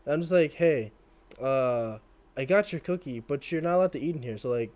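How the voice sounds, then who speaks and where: A man's voice: fairly high pitch, animated, fairly quick, darkish tone. A young man casually telling a story about himself, laughing at his own awkwardness. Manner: laughing, self-mocking storytelling. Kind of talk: casual chat.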